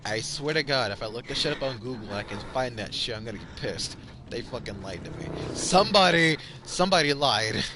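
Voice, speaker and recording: A man hosting a podcast, telling a story in casual, animated talk, swearing a lot and repeating himself. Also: lowish voice, fast talker, background noise. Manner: animated, profane storytelling with frequent repetitions. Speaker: podcast host. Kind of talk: casual chat.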